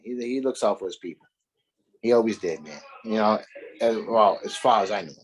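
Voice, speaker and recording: A man who is a former wrestler, telling profane stories in a casual interview with an animated, laughing manner. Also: fairly low pitch, fairly quick.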